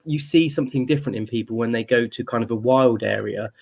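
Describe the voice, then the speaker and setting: Relaxed, chatty male interview guest. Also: medium pitch, quick pace, creaky. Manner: relaxed, chatty, laughs easily, says mate. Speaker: interview guest, founder of a conservation comic project. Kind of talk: casual interview chat.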